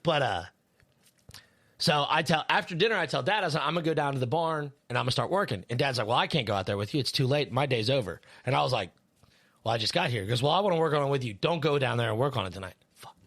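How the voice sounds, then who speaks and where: Man, podcast co-host, casual chat, rambling, heavy swearing, bright tense tone. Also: mid-range voice, lively intonation, quick pace. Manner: rambling, swears a lot, many fillers. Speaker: third shift worker.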